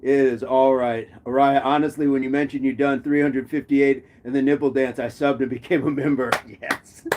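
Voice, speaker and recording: A man's voice: mid-range voice, level tone, moderate pace, hardly any pauses, a little mellow. A man from the United States hosting a live stream chat, playful, laughing often and repeating his phrases as he reads comments.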